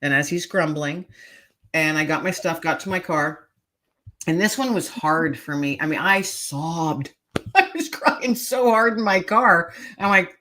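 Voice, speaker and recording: Speaking a little slowly in a fairly low, sharp-toned voice, a middle-aged author tells a personal story as a podcast guest. She comes across earnest and emphatic, circling back to key phrases as the heartfelt conversation unfolds.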